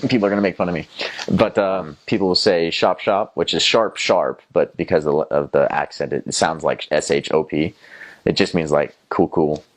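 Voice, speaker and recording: A very deep, fairly evenly intoned voice belongs to a young former missionary from North Carolina, USA, talking at normal speed in a Southern American accent. He reminisces loosely about his missionary work, restarting often, using many fillers, and doing voices of other people.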